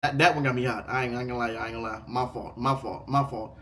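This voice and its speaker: A young man hosting a casual reaction video who reads online stories aloud and then rants about them. He repeats himself and swears freely, swinging from loud outbursts to low mutters. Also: fairly even intonation, rapid-fire.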